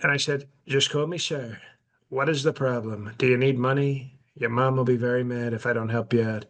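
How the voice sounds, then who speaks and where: A man playing a brash, boastful elderly president on a comedy podcast, rambling deadpan with constant self-interruptions. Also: medium pitch, normal speed, natural voice. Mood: smug. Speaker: podcast host in character.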